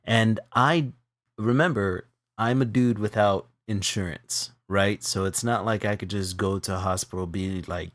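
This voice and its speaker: Unhurried and fairly low-pitched, this art-stream co-host tells a funny personal story during an easygoing chat. He laughs often and his voice springs upward when the story turns exciting. The recording is dry and close, with no room around it.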